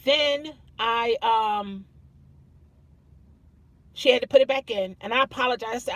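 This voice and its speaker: A woman's voice: a little high, measured pace, pauses often, a bit bright, no echo. A woman vlogger telling a personal story to camera in an earnest way, often repeating phrases and restarting her sentences.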